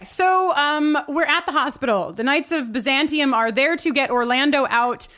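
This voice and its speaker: Chatty animated woman podcast co-host. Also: sits high. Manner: animated, fast, many fillers and laughs. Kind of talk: casual rewatch chat. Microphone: video call.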